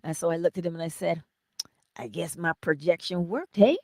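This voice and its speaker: Middle-aged woman host, low husky voice, chatty live-stream storyteller who slips into whispers, dry close sound. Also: fairly quick, no echo. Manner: chatty storytelling, drifts into soft whispers, laughs often. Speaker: host of a morning livestream. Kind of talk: casual spiritual chat to live viewers.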